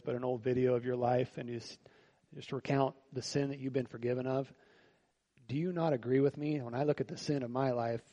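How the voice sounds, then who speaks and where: In lo-fi sound, a pastor with a mid-range voice talks his way through a church sermon like a conversation. He repeatedly puts rhetorical questions to the congregation and alternates between soft, thoughtful passages and louder, energetic bursts.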